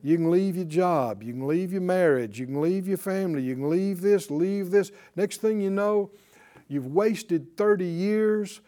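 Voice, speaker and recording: A man's voice: high voice, measured pace, dark tone. A middle-aged man preaching a sermon to a congregation, drawing out emphatic phrases and calling for responses. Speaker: pastor.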